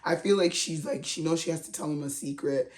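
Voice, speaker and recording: Casual recap vlogger, gossipy and slangy, laughs a bunch, middle pitch. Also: a little fast. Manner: chatty, slangy, laughs often. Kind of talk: casual commentary.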